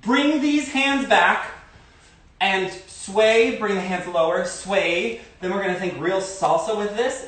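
During a live-streamed class, a male dance teacher counts out steps and drops in chatty asides. His voice is slightly high and a bit bright, picked up by a distant phone mic in a very echoey room.

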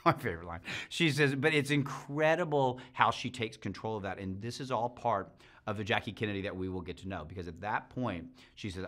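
A man's voice: fairly low pitch, lively intonation, brisk, a bit bright. A man giving a promotional interview soundbite as a film producer, talking with enthusiasm and acting out quoted lines.

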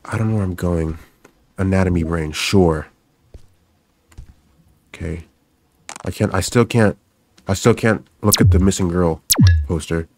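A man's voice: low-pitched, unhurried, pauses often, a little mellow. A young man giving panicky, joking commentary on a horror game, repeating lines over and over and swearing. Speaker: gaming YouTuber.

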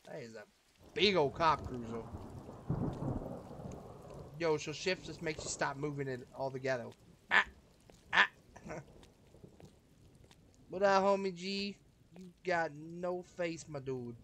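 A man giving joking, slangy commentary over a game, laughing often and swinging between loud outbursts and mutters. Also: mid-range voice, normal speed, long pauses, a little hiss or hum. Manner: goofy, slangy, laughs a lot, jumps loud and quiet. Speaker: gaming streamer.

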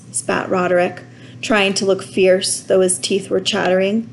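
Woman narrator, mid-pitched, measured storybook reading, faint background noise. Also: fairly even intonation, low-quality recording. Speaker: audiobook reader.

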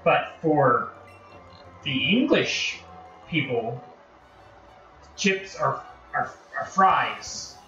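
Bright-voiced Northern American man rambling. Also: a little high, expressive, extremely slow, pauses often, recorded from a distance, muffled recording. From United States. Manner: rambling, chatty, self-deprecating. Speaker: live-stream host. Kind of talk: casual chat while live-streaming a game. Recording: roomy, off-mic, music behind.

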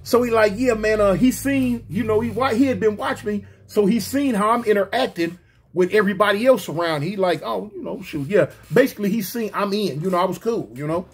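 A man's voice: high-pitched, brisk, husky. A man casually telling a street story in slangy talk, repeating himself and acting out quoted dialogue. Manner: slangy, repetitive, animated retelling with quoted dialogue.

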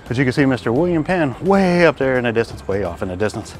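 A man's voice: mid-range voice, sing-song, quick pace, a little hiss or hum. A middle-aged man from Detroit, chatting casually as he vlogs outdoors in a city with a handheld camera. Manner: chatty, self-deprecating, often winded. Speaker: vlogger. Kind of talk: casual travel vlog. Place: outdoors in a city, by stone steps. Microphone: handheld compact camera.

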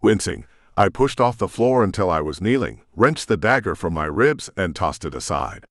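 Male audiobook narrator, deep and expressive, dark brooding read, dry close mic. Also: normal speed, dry recording. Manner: dramatic, brooding. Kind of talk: first-person audiobook narration.

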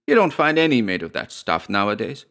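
A man's voice: on the low side, very animated, a little fast, fairly bright tone. A man voicing a stingy, indecisive peasant farmer who stammers and wheedles in a storybook reading. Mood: wheedling.

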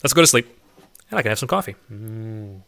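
A man with a bright, ringing voice gives casual commentary while he plays a game. His pitch swoops up and down as he chats, laughs often and coaxes the animals along in a singsong way. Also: animated, a little fast, gravelly, a little hiss or hum. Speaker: let's play host.

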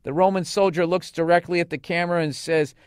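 A man's voice: a little high, steady tone, fast, clear, resonant tone, no echo, studio quality. A man hosting a podcast, reading listener emails aloud with profane, sarcastic asides. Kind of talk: casual podcast chat.

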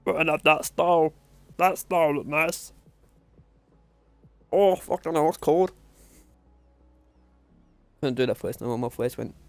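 Man, gaming commentary, swears nonstop, gravelly, dry close sound. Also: a little high, a little slow, long pauses, no echo, faint music behind. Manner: swears constantly, excitable outbursts. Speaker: gameplay commentator. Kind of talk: casual gameplay commentary.

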